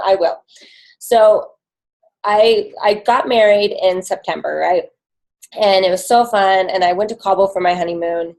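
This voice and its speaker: A woman's voice: mid-range voice, darkish tone, rough recording. A young adult woman giving a casual motivational talk to her coworkers as team leader, chatty and candid, with many fillers and tag questions.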